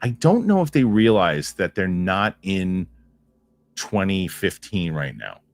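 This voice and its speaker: A man's voice: sits low, very animated, slow, no echo. A man hosting a live stream, chatting casually and rambling, repeating himself as he reacts to viewer comments. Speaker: host of a film news live stream.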